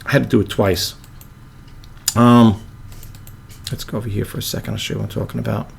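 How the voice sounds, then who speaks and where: A man with a low monotone voice, hosting a casual video editing tutorial and rambling with apologetic asides. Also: brisk, gravelly, a little hiss or hum. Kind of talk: casual screen-recorded tutorial.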